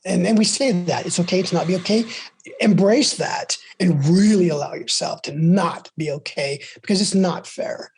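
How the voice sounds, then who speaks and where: A middle-aged man shares his own story as a guest on a podcast. His voice is very husky and breathy. He speaks with emphasis and keeps repeating and restarting his phrases. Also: sits high, normal speed. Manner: emphatic, with frequent restarts and repetitions. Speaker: podcast guest, abuse-survivor advocate. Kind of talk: candid conversational storytelling.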